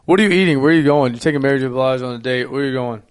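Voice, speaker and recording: A young man co-hosting a crude, casual podcast chat. He is loud and excitable, jumps high when worked up and laughs often. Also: racing, smooth.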